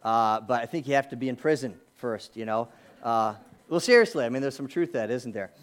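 A man's voice: medium pitch, lively intonation, brisk, clear, resonant tone. A man preaching a sermon as pastor of his church, talking conversationally with asides and rhetorical questions. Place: church sanctuary.

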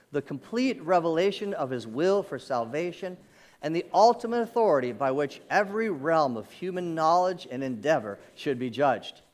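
A man preaching a sermon as pastor of his church, talking conversationally with asides and rhetorical questions. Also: fairly high pitch. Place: church sanctuary.

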